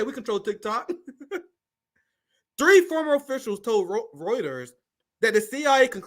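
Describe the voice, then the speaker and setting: A man's voice: extremely high pitch, sharp tone. A man hosting a political talk stream, reading news aloud and commenting in a loose, slangy way with frequent laughs. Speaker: host.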